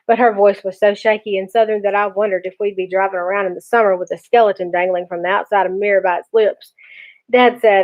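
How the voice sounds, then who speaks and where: A woman teacher reading a children's chapter book aloud in a lively, expressive way. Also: mid-range voice, fast talker. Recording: dull lo-fi recording.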